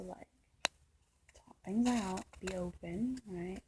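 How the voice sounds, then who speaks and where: A woman's voice: mid-range voice, steady tone, moderate pace, very noisy. A woman vlogging a long, rambling personal story in a frustrated tone, full of fillers and restarts. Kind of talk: casual storytelling monologue.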